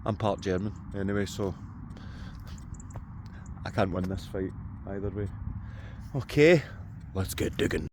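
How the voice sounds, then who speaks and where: A man's voice: deep voice, a little slow, pauses often, a little hiss or hum. A man with a Scottish accent, chatting and joking to viewers while metal detecting in farm fields. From Scotland. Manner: jokey, chatty, talks to viewers. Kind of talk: casual vlog narration outdoors. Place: open farm fields outdoors.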